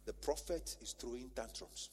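A man preaching a sermon as pastor, animated and conversational, with rhetorical questions, in a church. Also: mid-range voice, moderate pace, slightly rough. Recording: long church-hall reverb.

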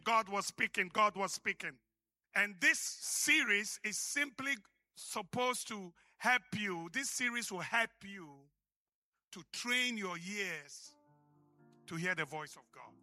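A man with an African accent preaching a sermon as pastor, emphatic and rising to shouts. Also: sits high, a little slow, dry recording, soft background music.

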